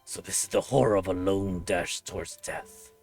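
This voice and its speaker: A man voicing a loyal, solemn warrior monk with a gravelly voice, reading game dialogue in formal, deliberate speech. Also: low voice, darkish tone, faint music behind.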